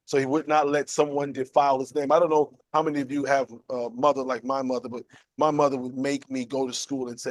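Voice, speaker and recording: Leading a Bible class in a conversational, call-and-response sermon style, this man talks fast and asks plenty of questions. He's animated and playful, jumping in pitch as he acts out quotes, and the recording has no echo.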